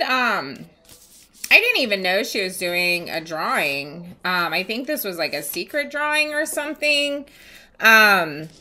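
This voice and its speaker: A woman's voice: fairly low pitch, sharp tone. A woman talking casually to her camera in a home vlog, chatty and gushing, with many ums. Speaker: vlogger. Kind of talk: casual show-and-tell vlog. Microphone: camera mic.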